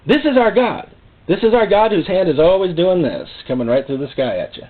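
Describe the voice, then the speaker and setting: A man preaching a sermon in an animated way, often acting out God's voice and the people he quotes. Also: sits high, a little fast. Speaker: pastor. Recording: phone-like narrow sound.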